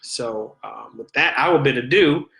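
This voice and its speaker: A man giving a casual spoken church testimony, rambling with many fillers and turning animated when he quotes people. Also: medium pitch, unhurried, gravelly, roomy sound, poor audio.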